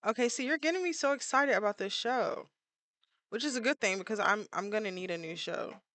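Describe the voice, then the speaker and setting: A woman's voice: medium pitch, animated, fairly quick, fairly bright tone, no room sound. A woman artist chatting casually and playfully with her viewers while she draws, full of filler words. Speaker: artist streaming while drawing. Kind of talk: casual livestream chat with viewers.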